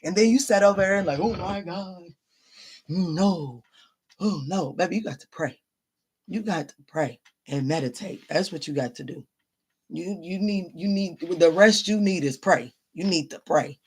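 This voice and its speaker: A woman's voice: fairly low pitch, expressive, normal speed, a little mellow, slightly rough. Woman tarot reader, live-stream chat, frank and profane, leans on "baby" and "honey", hammers points home by repeating them. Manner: blunt, profane, calls listeners baby and honey; emphatic, repeats lines for stress. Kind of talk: casual live-stream reading, answering viewers.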